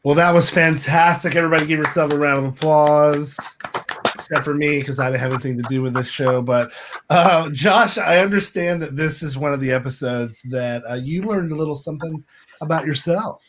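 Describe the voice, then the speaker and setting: A man's voice: on the high side, fairly quick, noisy background. A man co-hosting a casual chat, upbeat and prompting guests with questions. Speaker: co-host.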